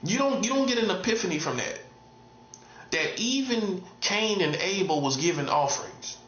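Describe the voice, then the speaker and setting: A man's voice: sits high, expressive, moderate pace, fairly bright tone, highs cut off, slight background noise. Man preaching casually in an echoey room. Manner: street-casual, repetitive, laughs at own jokes. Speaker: prophet. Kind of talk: informal preaching monologue.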